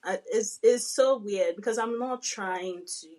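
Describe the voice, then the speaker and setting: A woman's voice: medium pitch, a little slow, darkish tone. A young adult woman co-hosting a podcast, talking in a casual, reflective way and often trailing off mid-thought. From Nigeria. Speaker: podcast co-host. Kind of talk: casual chat.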